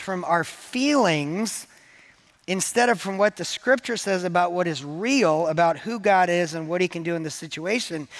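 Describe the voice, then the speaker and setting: A man's voice: sits high, fairly bright tone. A man preaching a sermon to his church in a conversational, joking way, acting out the quoted lines. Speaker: pastor.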